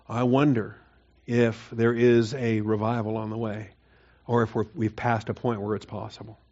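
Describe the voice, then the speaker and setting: A man's voice: lowish voice, level tone, moderate pace, mellow, muffled recording. A man preaching a Bible sermon in a conversational way, rising to emphatic, mocking quotes of the people. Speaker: pastor. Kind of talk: expository sermon.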